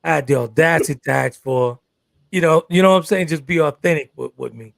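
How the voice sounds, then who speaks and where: A man with a deeply gravelly, crackling voice, pitched a touch above the usual for men, hosting a live relationship talk show. He speaks emphatically and keeps circling back to the same phrases. The sound is dry and close to the mic. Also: brisk, dry recording. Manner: emphatic, repeats phrases like "exactly" and "good stuff".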